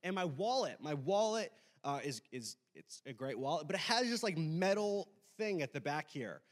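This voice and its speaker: A man's voice: fairly high pitch, very animated, normal speed. A young adult man preaching a sermon, reading scripture and praying, then telling a self-deprecating story with lots of fillers. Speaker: pastor.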